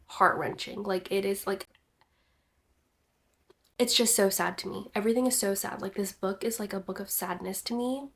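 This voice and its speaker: A young woman chatting casually in a book vlog, gushing and rambling with lots of filler words. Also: mid-range voice. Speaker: book vlogger. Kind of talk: casual reading vlog chat.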